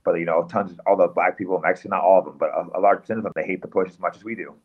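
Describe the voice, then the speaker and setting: A man guest in a casual political chat who talks quickly and agreeably, with lots of fillers, over a dull lo-fi line. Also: low voice, steady tone, husky.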